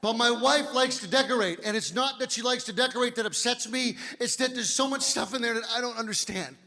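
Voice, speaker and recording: Loud, bright-voiced stand-up man in his 50s. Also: very high voice, brisk, creaky. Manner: loud, physical storytelling with shouted punchlines. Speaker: stand-up comedian. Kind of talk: stand-up comedy set. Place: comedy club stage. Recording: live hall reverb with faint noise. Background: audience laughter.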